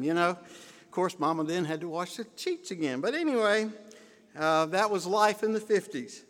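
An older man preaching a sermon, telling personal stories in a folksy, gently humorous way. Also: sits high. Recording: long reverb of a large hall.

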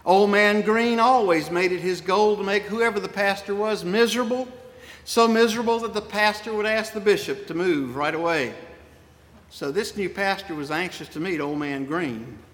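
With a high-pitched, fairly bright voice, a middle-aged male pastor tells folksy personal stories during his sermon and throws in asides to the congregation. The recording, made in a church sanctuary, carries the long reverb of a large church.

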